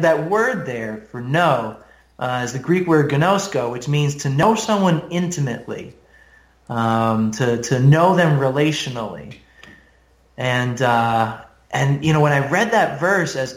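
A young man casually sharing his personal testimony, rambling with fillers, small laughs and throat clearing. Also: medium pitch, expressive, a little slow. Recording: roomy echo.

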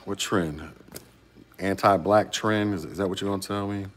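Deep-voiced man chatting to his viewers. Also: fairly even intonation, normal speed. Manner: conversational, rhetorical questions to a commenter. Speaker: YouTube commentator. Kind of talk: casual chat with viewers.

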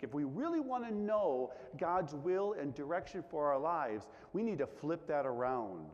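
A man preaches slowly, his voice rising and falling widely as he swings from emphatic questions to near-whispers. The sound is dull and lo-fi, with a long reverb that hangs in a large hall. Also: a little high, sing-song. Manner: dramatic, drops to a hush for quiet lines, asks many questions. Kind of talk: sermon.

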